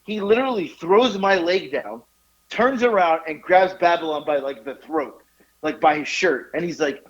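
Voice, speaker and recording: A man tells a story down a phone line, swinging his fairly high voice up and down as he goes. He talks in a casual, profane way. The sound is dull and lo-fi, like a phone call. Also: moderate pace. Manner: animated, profane, jumps into high voices for quotes. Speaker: podcast co-host telling a story. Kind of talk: casual storytelling with acted quotes.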